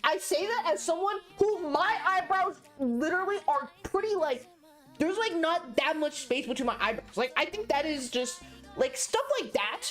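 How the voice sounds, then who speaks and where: High-voiced young woman ranting while streaming. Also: normal speed, faint music behind. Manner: rambling, filler-heavy, profane and animated. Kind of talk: casual livestream chat while drawing.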